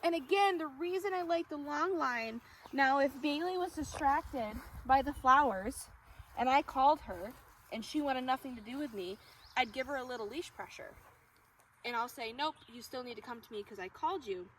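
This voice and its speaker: A young woman dog trainer explaining a recall exercise during an outdoor training demonstration, calm between bright calls to the dog. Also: moderate pace. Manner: explains calmly, then high excited calls to the dog. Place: outdoors on a walk. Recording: distant mic with outdoor noise.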